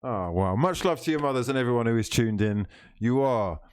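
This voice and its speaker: A man's voice: medium pitch, animated, fairly quick, a little mellow, clean tone. A man hosting a live football watchalong stream, reading out chat comments, teasing viewers and laughing often.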